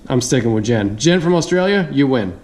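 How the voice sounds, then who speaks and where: A man's voice: medium pitch, expressive, a little fast, a little mellow, a little hiss or hum. A man giving a casual hands-on product review, chatty, thinking aloud and laughing easily.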